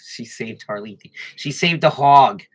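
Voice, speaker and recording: A man's voice: medium pitch, lively intonation, unhurried, breathy edge. A man co-hosting a casual comedy podcast, cracking crude jokes and mimicking voices. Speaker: podcast co-host.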